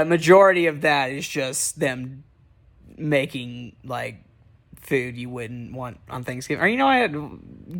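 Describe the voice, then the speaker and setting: A man's voice: medium pitch, a bit bright. A man casually recapping a cartoon special, rambling and cursing freely. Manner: rambling, profane, lots of fillers and restarts. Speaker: movie reviewer.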